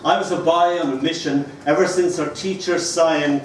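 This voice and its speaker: A man's voice: fairly high pitch, moderate pace, hardly any pauses, slight background noise. An older Irish man giving a live poetry reading to an audience, mixing playful joking chatter with dramatic recited verse. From Ireland. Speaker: poet. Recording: echoey room, mic at a distance.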